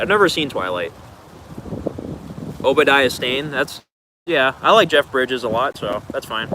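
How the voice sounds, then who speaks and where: A man's voice: medium pitch, animated, normal speed, background noise. Laid-back man rambling through viewer questions. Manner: rambling, laid-back, loose filler words. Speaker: streamer answering viewer questions. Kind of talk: casual livestream Q&A.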